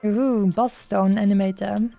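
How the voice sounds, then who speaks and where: A woman's voice: medium pitch, fairly even intonation, a little slow, vocal fry, dark tone, soft background music. A woman streamer reading game dialogue aloud in a playful way, stopping often on fillers as she goes.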